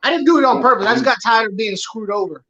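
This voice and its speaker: A man's voice: very high voice, fast, creaky, bright, forceful tone, highs cut off. A man who services aquariums, chatting casually and sounding a bit aggrieved. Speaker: aquarium maintenance service owner. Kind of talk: casual podcast chat.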